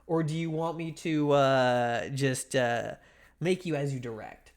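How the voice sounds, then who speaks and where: A man's voice: medium pitch, measured pace. A young man chatting on a livestream while sculpting clay dolls, teasing viewers in a rambling, playful way with lots of restarts and laughs. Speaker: streamer.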